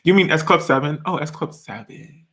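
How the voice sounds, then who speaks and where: Giggly, chatty young man, slightly high. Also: lively intonation, moderate pace, fairly bright tone. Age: 20s. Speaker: live-stream host. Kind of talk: casual live-stream chat reading comments.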